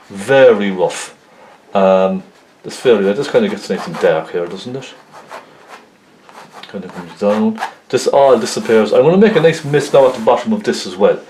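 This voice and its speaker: A man's voice: fairly low pitch, darkish tone, a little hiss or hum. A man talking through a painting tutorial in a friendly, rambling way, full of ums and "isn't it?" tags. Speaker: painting teacher. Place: painting studio, indoors. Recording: echoey studio room.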